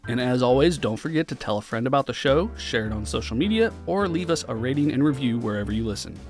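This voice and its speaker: Gravelly-voiced podcast co-host. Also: mid-range voice, expressive, fast, darkish tone, faint music behind. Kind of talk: podcast outro and bloopers.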